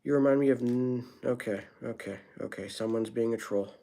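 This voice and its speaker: A man's voice: medium pitch, normal speed, dark tone, slight background noise. A young man talking casually on his live stream, reading viewer comments aloud and answering them with wry, rambling, self-deprecating asides. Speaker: livestreamer.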